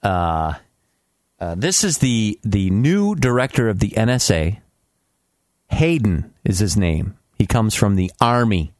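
A man hosting a comedy talk show, casual and halting, often restarting his sentences. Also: fairly low pitch, big pitch swings, a little mellow, no room sound. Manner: hesitant, halting, lots of restarts.

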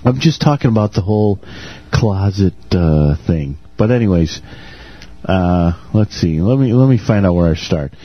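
A man's voice: sits low, lively intonation, normal speed, lo-fi sound. A man co-hosting a casual comedic podcast, joking around in a laid-back way. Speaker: podcast co-host.

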